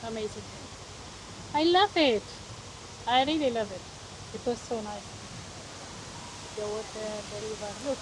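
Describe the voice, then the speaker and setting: A woman's voice: fairly high pitch, lively intonation, measured pace, long pauses. A woman chatting outdoors by a river, responding with short, enthusiastic remarks. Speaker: travel vlogger. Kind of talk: casual chat. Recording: noisy outdoor recording near a waterfall.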